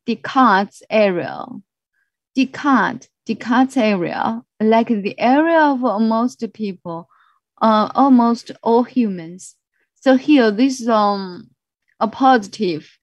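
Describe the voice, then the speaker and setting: A woman with a Mandarin Chinese accent teaching an English vocabulary class online, speaking slowly and repeating each word. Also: a little high, darkish tone, no room sound. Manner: slow, repeats words, mixes in Mandarin explanations. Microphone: video call.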